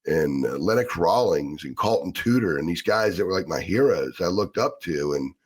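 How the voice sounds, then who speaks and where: A man's voice: sits low, lively intonation, normal speed, husky. A middle-aged man co-hosting a casual sports podcast, talking with wry, nostalgic, grumbling humor. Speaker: sports reporter and co-host.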